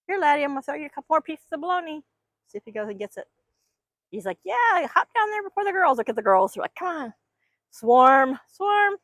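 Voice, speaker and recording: A woman's voice: mid-range voice, dry recording. A woman keeping backyard chickens, chatting casually and rambling while she talks to her hens outdoors on a microphone. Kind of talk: casual vlog chat.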